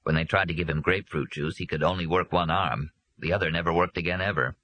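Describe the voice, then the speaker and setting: A man reading a novel aloud as a narrator, with a steady, measured delivery. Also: deep voice, slight background noise. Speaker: audiobook narrator. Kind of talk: scripted narration.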